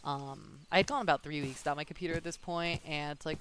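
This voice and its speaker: A streamer telling a long story while playing a game, in a casual, animated way with many fillers. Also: medium pitch, quick pace. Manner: animated, rambling, lots of fillers like "um" and "like". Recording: steady background noise.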